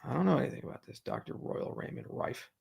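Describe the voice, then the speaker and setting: A man hosts a casual livestream Q&A, reading out viewer questions and answering sarcastically and jokingly, swearing frequently. He talks at a quick pace with a darkish tone.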